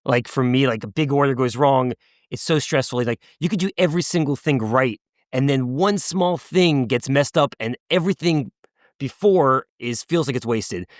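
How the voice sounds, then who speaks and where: Guy hosting a podcast, average pitch, keeps praising and asking follow-ups, no room echo. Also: moderate pace, clean studio sound. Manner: affirming, enthusiastic interviewer. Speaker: podcast host, interviewer. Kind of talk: conversational podcast interview.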